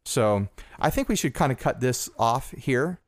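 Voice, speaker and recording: A man co-hosting a casual podcast, speaking at an ordinary middle pitch. He sounds earnest and rambles, often restarting his sentences. The recording is dry and close, with no room sound. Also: lively intonation, a little slow, no echo. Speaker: podcast co-host.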